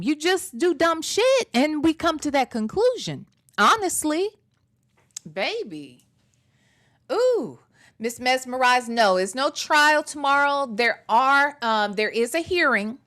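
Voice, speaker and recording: A woman's voice: on the high side, a bit bright. A woman hosting a casual online commentary show, blunt and sassy as she reacts and thanks viewers. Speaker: YouTube commentary host.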